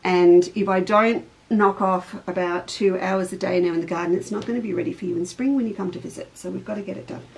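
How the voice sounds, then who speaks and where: A woman's voice: lowish voice, steady tone, fast talker, vocal fry, few pauses, darkish tone, low-quality recording. A middle-aged woman, hosting a casual show-and-tell chat as a fabric designer. She tells a rambling story in an easy, talkative way.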